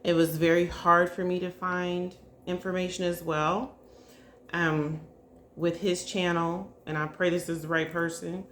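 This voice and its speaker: A woman's voice: on the low side, little pitch movement, a little slow, fairly bright tone, slight background noise. A woman giving a casual psychic reading to her viewers, chatty and hesitant, often checking in with "okay?" and "y'all". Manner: hesitant, full of hedges and fillers. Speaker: psychic reader. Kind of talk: casual spiritual reading to camera.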